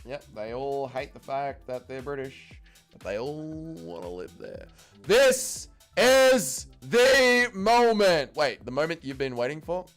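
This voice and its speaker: A man's voice: medium pitch, normal speed, soft background music. A man hosting a casual watch-along livestream, reading chat aloud and joking crudely, swearing freely. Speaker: livestream host.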